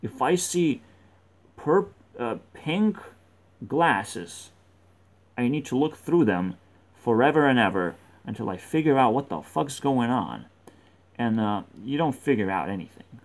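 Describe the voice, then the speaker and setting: A man's voice: medium pitch, expressive, unhurried. A man rambling through gameplay commentary, swearing constantly and joking as he goes. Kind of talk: rambling let's-play commentary.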